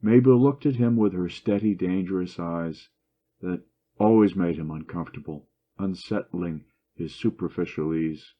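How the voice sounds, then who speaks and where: A man reading a classic short story aloud in steady, even narration. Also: low voice, normal speed. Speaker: story reader. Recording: dull lo-fi recording.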